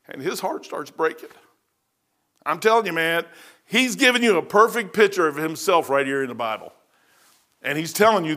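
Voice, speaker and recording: A male pastor delivers a verse-by-verse sermon in a plain, folksy manner. He circles back over his phrases and drops in a casual "man". His voice sits somewhat high for a man. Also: moderate pace, pushed and bright. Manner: folksy and conversational, repeats phrases, says "man".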